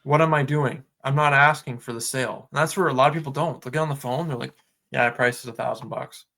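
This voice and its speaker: A man's voice: medium pitch, quick pace. A man co-hosting a casual podcast, talking loosely with many fillers and acting out customer conversations. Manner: relaxed, lots of filler words, acts out customer dialogue. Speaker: podcast co-host.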